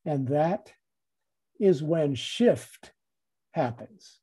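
A man gives a reflective dharma talk at a very slow, deliberate pace. His voice is deeply mellow and dark, with a husky edge. He repeats phrases and lets long pauses settle between them. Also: animated. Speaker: guest speaker giving a dharma talk.

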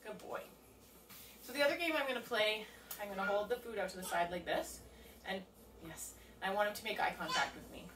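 A woman's voice: medium pitch, fast, heavy background noise. A woman dog trainer casually explaining a training session step by step while she works at home. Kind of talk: casual hands-on training demonstration. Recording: roomy, distant sound with faint ambience.

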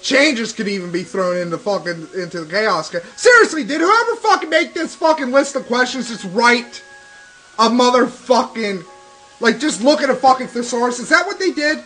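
A young man with a high, bright voice gives sarcastic, profane commentary on a game he is playing. His pitch leaps around as he rants and swears, and faint game music plays under him. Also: sing-song, moderate pace, rough recording. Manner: ranting, sarcastic, swears constantly. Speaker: let's play commentator.

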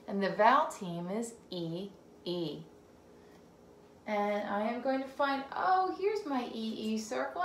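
A woman teacher leading a phonics game for young children, sounding out words slowly, repeating them and praising the child between turns. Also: on the high side, echoey room, a little hiss or hum. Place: home room.

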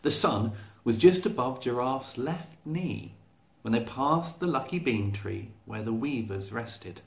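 A man reading a children's picture book aloud as a storyteller, slow and expressive. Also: mid-range voice, creaky. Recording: echoey room.

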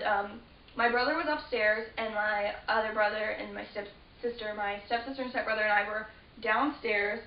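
Rambling teen girl, roomy lo-fi recording. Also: fairly high pitch. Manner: rambling, filler-heavy with many restarts. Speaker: vlogger. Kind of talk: casual storytelling to camera. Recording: roomy, distant, dull lo-fi with faint hiss.

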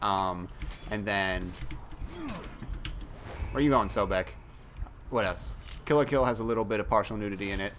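Rambling young man, low voice. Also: moderate pace, long pauses, fairly bright tone, a little hiss or hum. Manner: rambling, self-mocking, casually profane. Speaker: gaming YouTuber. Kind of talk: casual chat while playing a game.

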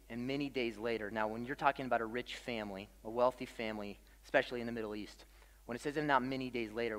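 A pastor preaching a sermon in a loose, conversational way, with casual fillers and dramatic pauses. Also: male voice, medium pitch, in a large hall.

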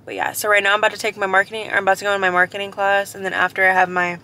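A young woman races through her casual vlog in a bright, forceful, monotone voice of mid-range pitch, with slight background noise. She talks into a phone at arm's length, chatty and slangy with "bro" and "like," moving between stores and her apartment.

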